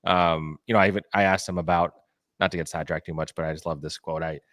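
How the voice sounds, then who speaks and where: A man's voice: low-pitched, steady tone, fast, a bit bright, no room sound, clean studio sound. A man co-hosting a sports podcast, a reporter talking casually and rambling with lots of "like" and restarts. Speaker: beat reporter and podcast co-host.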